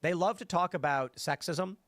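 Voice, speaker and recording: A man's voice: sits high, moderate pace, dry recording, clean studio sound. A man hosting a casual political panel show, reading viewer comments and animatedly quoting people. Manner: animated, mimics voices when quoting. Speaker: show host.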